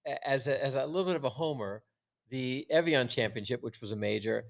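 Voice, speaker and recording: A man's voice: mid-range voice, creaky. Male podcast co-host, easygoing storyteller, hesitant starts. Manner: measured, anecdotal, hesitant starts. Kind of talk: casual golf chat.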